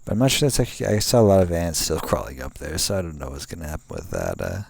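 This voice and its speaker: A young vlogger with a low, creaky, slightly mellow, breathy voice speaks quickly, his pitch swooping wildly, as he rambles casually outdoors at night. Laid-back and meandering, he uses lots of fillers and restarts and swears occasionally.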